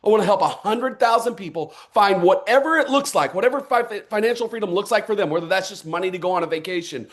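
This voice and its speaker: Middle-aged American man, fired-up motivational speaker, fairly high voice, punchy rallying delivery. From United States. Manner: fired-up, punchy, rallying, with repeated short calls to action. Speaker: motivational speaker at a network marketing event. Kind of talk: energetic motivational speech.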